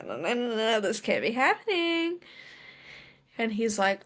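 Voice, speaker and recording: A woman's voice: on the high side, big pitch swings, slow pace, long pauses, a bit bright. A young woman co-hosting a podcast, animatedly retelling a TV show's plot and acting out the characters' lines in casual chat. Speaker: podcast co-host. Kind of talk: casual chat recapping a TV show.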